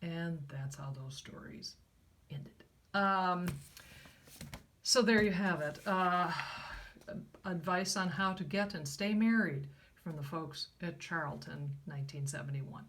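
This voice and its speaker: An older woman casually retelling an old comic story in a wry, halting way, with many fillers. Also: lowish voice, fairly bright tone, slight background noise. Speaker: comic book reviewer.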